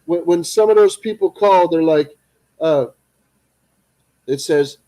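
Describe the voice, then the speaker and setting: A man chatting casually on a livestream in an excitable, rambling way, cracking crude jokes and acting out phone calls. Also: fairly high pitch, unhurried, long pauses, poor audio. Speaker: streamer.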